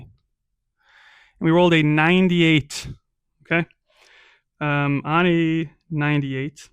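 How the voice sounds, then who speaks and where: A man's voice: a little high, clean tone, no room sound, clean studio sound. A man narrating a solo tabletop game as game master, casual and chatty, often checking in with "right?".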